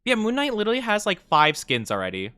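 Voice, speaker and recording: Animated young male game streamer. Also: high voice, smooth, no room sound. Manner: animated and playful, jokey self-pity, quick laughs. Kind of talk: casual live-stream chat.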